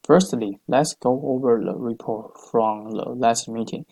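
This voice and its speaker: A man reads business phrases for his tutor. He speaks slowly and haltingly, filling gaps with many uhs, and his voice sits at a middle pitch. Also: steady tone, vocal fry, mellow, poor audio. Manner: hesitant, many uhs and restarts. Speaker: English student. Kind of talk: reading practice phrases aloud.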